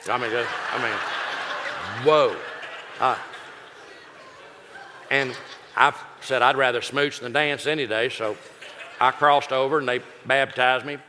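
Man in his sixties, folksy joking preacher, bright forceful tone, long hall reverb, sermon storytelling. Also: medium pitch, measured pace, long pauses, slight background noise. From Texas. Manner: folksy, joking, lively delivery. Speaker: pastor.

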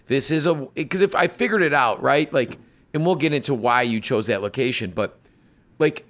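A man hosting a podcast interview in a casual, rambling, animated way, laughing as he talks. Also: mid-range voice, normal speed. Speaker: podcast host.

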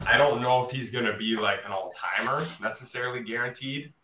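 A man's voice: medium pitch, a little fast, pushed and bright, roomy sound. A man on a casual sports podcast, out of breath and talking in an eager, rambling way.

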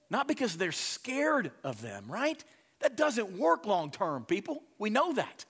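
Animated preaching man, fairly high voice. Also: normal speed, breathy edge. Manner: animated preaching, swinging from loud emphasis to hushed softness. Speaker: pastor. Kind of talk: sermon.

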